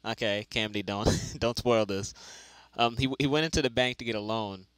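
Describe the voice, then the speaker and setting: A man's voice: on the low side, moderate pace, a bit bright, smooth, no room sound, low-quality recording. A man telling a long joke in casual chat, rambling and repeating his words as he goes. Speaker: joke teller.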